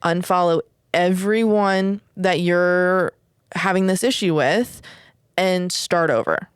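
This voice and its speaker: A woman's voice: fairly low pitch, takes it slowly, clean tone, dry recording, clean studio sound. A woman, telling a personal story in casual podcast chat, full of "like" and "whatever" and the odd swear. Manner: candid storytelling, frequent "like" and "whatever".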